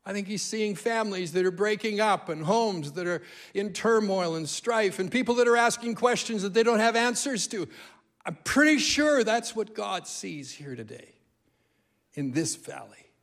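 Guy preaching a sermon, kinda high voice, lots of animated storytelling and repeating stuff for emphasis. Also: moderate pace. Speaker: guest preacher.

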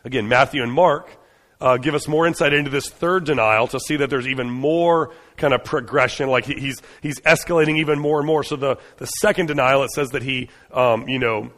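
A man's voice: medium pitch, a little fast, a bit bright. Man preaching in an echoing hall. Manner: conversational and earnest, with frequent restarts and fillers. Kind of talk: sermon.

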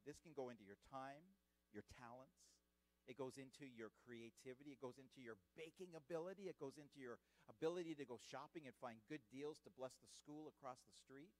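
A middle-aged Canadian man preaching a sermon, lively and joking, asking the audience questions. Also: fairly high pitch, no echo, low-quality recording. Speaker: church leader preaching.

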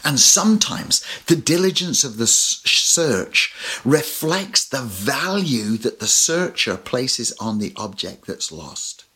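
A man's voice: mid-range voice, sing-song, takes it slowly, bright, forceful tone, husky. A man preaching a sermon as pastor, telling personal stories with light humor. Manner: storytelling with personal anecdotes and humor.

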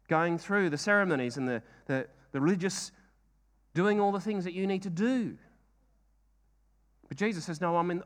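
Guy preaching a sermon, fairly high voice, earnest, keeps asking the room questions. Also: a bit bright. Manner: earnest, rhetorical questions, repeats phrases.

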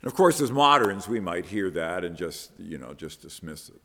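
A man's voice: low voice, brisk, few pauses, bright, forceful tone. Earnest male preacher in a reverberant hall. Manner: earnest, repeats words, quotes with rising emphasis. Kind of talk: sermon on a Bible passage.

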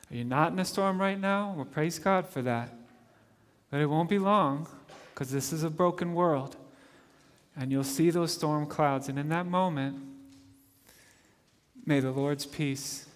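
Middle-aged male pastor preaching slow n earnest, high voice, keeps repeating stuff for emphasis, big echoey church hall. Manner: earnest, repeats phrases for emphasis, asks "right?". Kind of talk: sermon. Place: church sanctuary. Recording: long reverb of a large church hall.

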